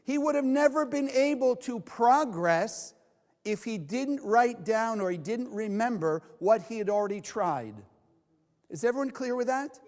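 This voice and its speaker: A man's voice: very high voice, unhurried, long reverb tail. A man teaching Kabbalah to a live audience, asking them questions and acting out the voices in people's heads. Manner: animated, acts out inner voices, asks the audience questions.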